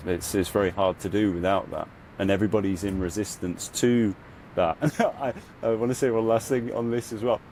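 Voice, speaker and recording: Low-voiced man sharing an earnest story. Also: steady tone, a little fast, slight background noise. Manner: earnest, reflective storytelling with frequent "you know"; grows loud and high when recounting his ordeal. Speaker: podcast guest, spiritual guide. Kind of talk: casual conversational interview.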